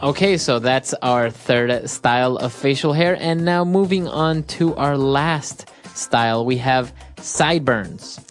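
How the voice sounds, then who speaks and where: A woman hosting an English lesson, who explains words in a relaxed, casual way. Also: rumbling low, measured pace, hardly any pauses, soft background music. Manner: relaxed, explaining, agreeing often. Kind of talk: casual teaching chat.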